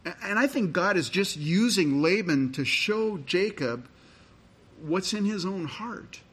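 Man, pastor, sermon, husky voice, slightly high-pitched, conversational storytelling. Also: expressive, a little slow, a bit bright. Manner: conversational storytelling with scripture reading.

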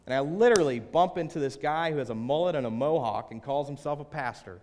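A young man preaching a sermon with a personal testimony and prayer, earnest and shifting from hushed to emphatic. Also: a little high, expressive, a little fast, hardly any pauses, long reverb tail. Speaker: pastor. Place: church sanctuary.

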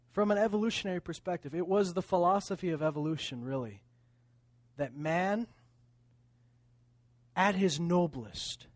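Male pastor, high voice, dry, dead sound; fervent sermon delivery with dramatic loud-soft swings. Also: dry recording. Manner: preaching with sweeping swings between quiet and loud; repetitive, emphatic phrasing.

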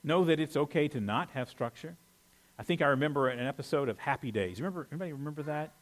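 A man preaching to his congregation in a relaxed, conversational way. His voice sits a little higher than most men's, and he jumps into lively, playful asides. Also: fast talker. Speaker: pastor. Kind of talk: sermon.

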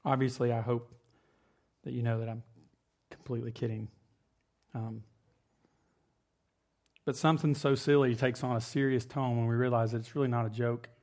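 A man's voice: mid-range voice, fairly even intonation, moderate pace, long pauses, darkish tone. A man in his thirties preaching with mock-serious sarcasm, talking conversationally with many fillers. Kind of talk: sarcastic sermon.

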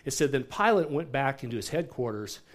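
A man preaching a sermon to a congregation in a church, in a relaxed, conversational way and often checking in with his listeners. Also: medium pitch, brisk. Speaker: pastor.

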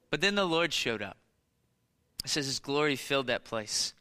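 A man preaching a sermon, animated and conversational, with casual fillers and rhetorical questions. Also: medium pitch, normal speed, long pauses, clear, resonant tone, big-room sound. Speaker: pastor.

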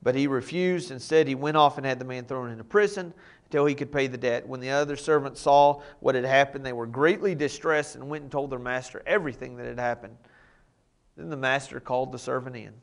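A man's voice: medium pitch, fairly quick, vocal fry. A man preaching a sermon, reading scripture and explaining it in a plain, conversational way. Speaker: pastor.

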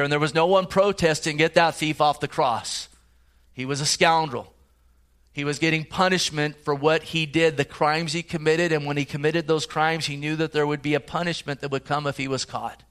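A man preaches a sermon, reading scripture aloud and building to emphatic points. His voice sits slightly high for a man. He turns to the congregation with direct questions. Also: steady tone, normal speed, a bit bright, clear, resonant tone. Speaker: pastor.

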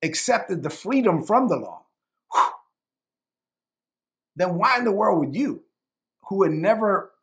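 A male preacher teaching a sermon to camera in an animated, conversational way, often repeating himself for emphasis. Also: high voice, moderate pace.

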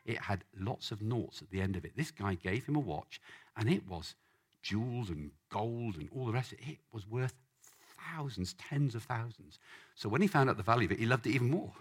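A man preaching a sermon as a lively story, acting out the voices of the people in it. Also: lowish voice, fairly quick, husky. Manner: animated, acts out voices in the story.

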